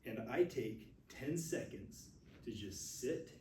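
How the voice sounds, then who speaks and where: A man's voice: medium pitch, lively intonation, slow pace, a little mellow, a little hiss or hum. A man, a nurse, teaching a first aid class to a room of people, sharing personal stories earnestly and openly admitting his emotions. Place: classroom with audience. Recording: echoey room recorded from far off.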